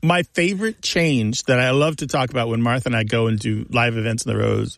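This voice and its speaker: A man's voice: mid-range voice, a little fast, creaky, no room sound. A man co-hosting a radio call-in show, explaining language points to a caller in an enthusiastic, lengthy, chatty way. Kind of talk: casual explanatory chat.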